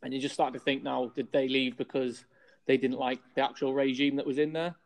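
A man co-hosting a casual rugby chat, relaxed and agreeable, speaking in loose phrases. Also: mid-range voice, brisk, vocal fry. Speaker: podcast co-host.

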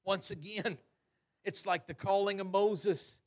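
Fervent male preacher, high-pitched, slow, loud-to-soft sermon delivery. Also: steady tone. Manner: fervent, shifting between loud exhortation and soft asides.

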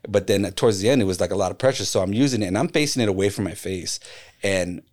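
Low-voiced man telling a story. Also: fast talker. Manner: animated storyteller who acts out quoted voices. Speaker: podcast guest, graffiti artist. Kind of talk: casual storytelling in conversation.

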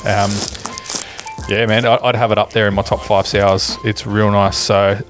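A laid-back man chats on a podcast with his mates, dry and a little sweary. His voice sits low for a man. Soft music plays faintly behind him. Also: little pitch movement, normal speed. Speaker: podcast co-host. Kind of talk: casual chat among mates.

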